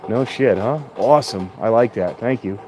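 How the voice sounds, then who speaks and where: At a moderate pace, a man with a lowish, slightly mellow voice talks for his vlog outdoors at a train station battered by wind. His chat is loose and meandering, with self-corrections and the odd louder moment, picked up by a clip-on mic attached to the phone he holds.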